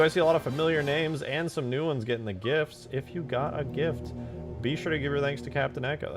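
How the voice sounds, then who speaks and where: A man hosting a casual livestream, joking, swearing, and loudly thanking viewers for gifts. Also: medium pitch. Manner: excitable, yells in thanks for gifts. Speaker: livestream host.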